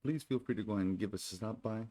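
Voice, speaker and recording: A man hosting his channel in casual chat, then reading a storybook aloud in a soothing, unhurried way. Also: fairly low pitch, warm tone. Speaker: channel host.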